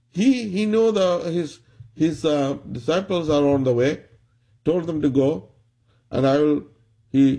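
A man preaching a sermon, retelling a story in a slow, halting way with many restarts. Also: a little high, warm tone, husky.

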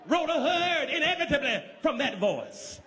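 A Southern man from Georgia preaches with a strikingly high, lively voice that swoops up and down. He repeats his phrases in rhythmic call-and-response and rises to ringing shouts. He speaks straight to his congregation. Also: moderate pace, in a large hall. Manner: talks directly to the congregation. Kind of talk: sermon.

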